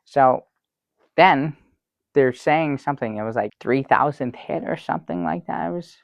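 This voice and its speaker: Once more he's the earnest, oblivious middle-aged sad sack, gravelly-voiced, spinning a rambling, restart-filled story as the sidekick in improvised sketch banter. This time his voice sits a little high at a moderate pace, and the recording is dry and dull.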